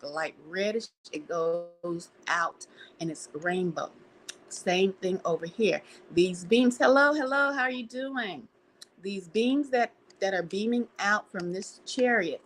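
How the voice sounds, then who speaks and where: An earnest woman hosts a live stream and walks her viewers through pictures. She repeats herself for emphasis and keeps checking in with a quick "okay?". Her voice sits at a middle pitch for a woman. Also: fairly bright tone, poor audio. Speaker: channel host. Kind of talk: live stream talk over photos.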